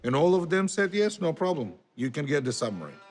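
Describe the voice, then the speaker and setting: A man recalling events in a documentary interview, in a measured, plain way. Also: fairly high pitch, big pitch swings, over music.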